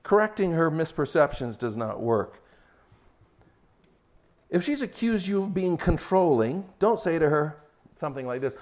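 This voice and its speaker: An older man preaching a sermon on marriage, swinging from loud mocking quotes to hushed, intimate storytelling. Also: on the high side, big pitch swings, normal speed. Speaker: pastor.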